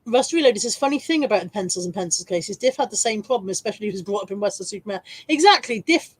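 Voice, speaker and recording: Woman, 40s, from England; livestream host, casual and laughing, mid pitch, dry close recording. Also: expressive, quick pace, husky, no echo. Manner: chatty, self-mocking, laughs often. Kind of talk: casual live chat reading comments.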